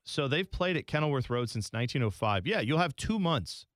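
A man's voice: medium pitch, a little fast, dry recording, clean studio sound. A man co-hosting a soccer podcast in casual chat, telling stories and slipping into goofy voices. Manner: animated storyteller, does goofy voices for others. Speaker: podcast co-host.

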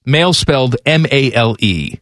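A man co-hosting a casual chat show, teasing his partner with dry deadpan one-liners. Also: mid-range voice, a little slow, no room sound. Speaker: podcast co-host.

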